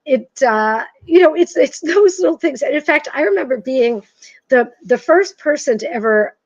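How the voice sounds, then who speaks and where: A woman in her sixties from Massachusetts, an author telling stories as a guest in a casual interview, animated and self-deprecating. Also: sits high, normal speed, no room sound. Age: 60s. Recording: dull, dry sound.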